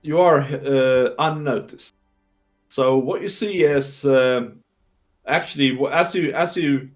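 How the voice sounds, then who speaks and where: A man running a tabletop game as game master, narrating scenes with fillers and restarts. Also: medium pitch. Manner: descriptive, thinks aloud with fillers and restarts; clears his throat between lines.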